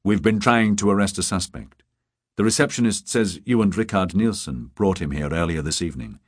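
A man's voice: low voice, fairly quick, dry recording, studio quality. A man doing a weary, terse police detective.

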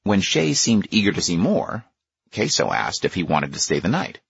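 A man with a husky voice giving a measured, expressive nonfiction audiobook narration. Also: sits low, no room sound, muffled recording.

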